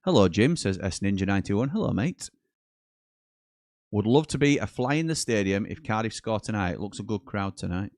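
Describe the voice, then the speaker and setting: A British man hosting a live football watchalong, reading viewer comments aloud and breaking into quick commentary on the match. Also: on the low side, animated, a little mellow, no room sound, studio quality. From Britain. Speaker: watchalong host.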